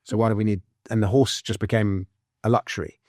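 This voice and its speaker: A man's voice: lowish voice, flat delivery, a little mellow, no room sound. Chatty man, dry close sound. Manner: chatty, restarts and quick asides while explaining. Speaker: author and financial commentator, guest. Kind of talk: casual interview conversation.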